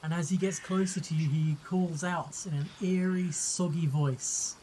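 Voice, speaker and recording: A man narrating a tabletop game as game master in a measured, descriptive way. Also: on the high side, fairly even intonation, mellow, a little hiss or hum, low-quality recording.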